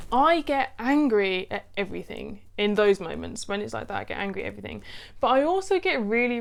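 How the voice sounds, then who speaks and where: A young woman talking candidly to camera in a personal vlog, frank and quick to laugh, swearing casually. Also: mid-range voice. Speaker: vlogger.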